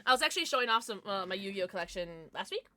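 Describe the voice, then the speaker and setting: A woman's voice: mid-range voice, lively intonation, racing, bright, forceful tone, a little hiss or hum. A young adult woman streaming, chatting casually with viewers in a bubbly way, gasping and squealing as she reacts. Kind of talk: casual livestream chat.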